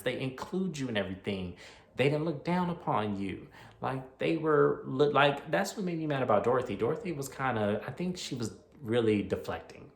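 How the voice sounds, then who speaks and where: Animated man reviewing a movie, roomy sound. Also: mid-range voice, creaky. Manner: animated, opinionated, slangy storytelling. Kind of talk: casual movie review recap. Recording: roomy echo.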